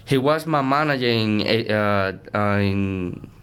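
Young guy talking ballplayer stuff in broken english, smooth clear voice, upbeat and sincere. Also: on the low side, takes it slowly. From Venezuela. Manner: earnest, energetic, broken English. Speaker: baseball player, interview guest. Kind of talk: casual interview chat.

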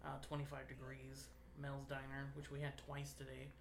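A man's voice: mid-range voice, completely flat delivery, moderate pace, gravelly, echoey room, noisy background. A man in his thirties chatting casually with friends, telling self-deprecating jokes about his trip. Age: 30s. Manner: joking, self-deprecating storyteller. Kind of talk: casual chat.

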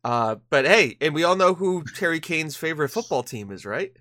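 Lively tired man co-hosting a podcast. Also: fairly high pitch, brisk, dry recording, clean studio sound. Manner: animated, laughs often, restarts mid-sentence. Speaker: podcast co-host. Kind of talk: casual podcast banter.

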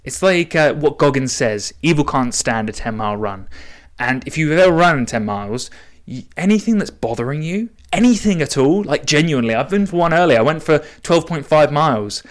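A man's voice: fairly high pitch, moderate pace. Casual, rambling man hosting a solo podcast. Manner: casual and rambling, with frequent restarts and an excited edge. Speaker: podcast host.

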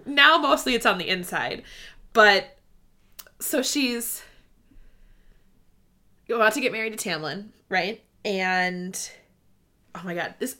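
A woman chatting casually about a book as a co-host, gushing and animated, swearing freely and reading passages aloud. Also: medium pitch, takes it slowly, pauses often. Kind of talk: casual book discussion chat.

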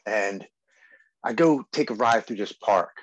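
A man's voice: on the low side, measured pace. A man in his forties, a podcast guest, earnestly telling his personal recovery story and acting out the things he and others said. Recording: dull, muffled podcast audio.

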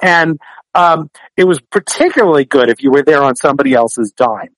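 A man joining a podcast remotely as a guest, telling stories in a lively chatty way and acting out the people in them. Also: on the high side, brisk, rough recording. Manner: animated storyteller, mimics voices in anecdotes. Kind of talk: casual chat. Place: remote, joining from the West Coast.

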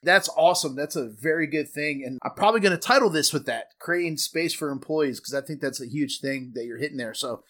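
A man's voice: fairly high pitch, a little fast, few pauses, fairly bright tone. A man hosting an interview podcast, chatty and enthusiastic as he talks with his guest. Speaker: podcast host, trainer. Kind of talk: casual interview chat.

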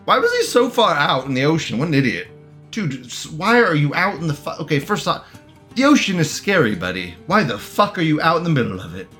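Profane, lively young male streamer. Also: a little high, brisk, soft background music. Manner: crude, profane, laughing often. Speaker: livestream host reading chat. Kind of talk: casual ranting commentary.

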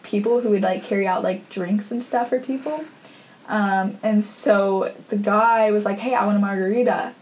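A woman's voice: mid-range voice, a little mellow, a little hiss or hum, rough recording. A young woman hosting a podcast, telling a story in a chatty, casual way full of fillers and laughter. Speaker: podcast host.

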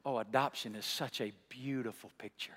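A man preaching a sermon, telling a story and building to shouted climaxes. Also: medium pitch, steady tone, fairly quick. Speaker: pastor. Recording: reverberant large hall.

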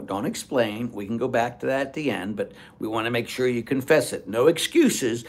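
A man who is a Catholic priest, answering viewers' chat questions on a casual livestream in a chatty, rambling, blunt and joking way. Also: medium pitch. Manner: chatty, rambling, with frequent fillers.

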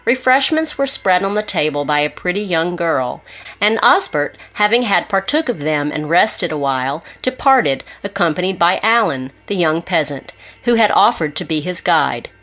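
Measured woman reading a gothic novel. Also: on the low side, very animated, fairly bright tone. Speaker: audiobook narrator. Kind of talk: scripted narration of a gothic novel.

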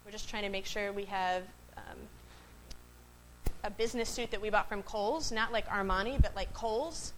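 A woman pastor preaches in a relaxed, conversational way to a congregation. She pauses on "um", checks in with the room, and keeps her voice at an ordinary middle pitch. A faint hum of ambience sits under her. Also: rough recording. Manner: chatty, asks the room questions, frequent "right?" and "um". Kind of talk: conversational sermon. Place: worship space before a congregation.

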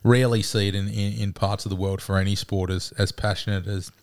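A man co-hosting a sports podcast, relaxed and easygoing as he runs through results. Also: lowish voice, fairly quick. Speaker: podcast co-host. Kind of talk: casual sports chat.

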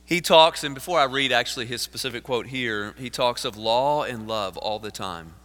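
A man, a pastor preaching a sermon in a church, moving from earnest storytelling to forceful preaching. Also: mid-range voice, moderate pace. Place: church sanctuary. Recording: live sermon in a reverberant sanctuary.

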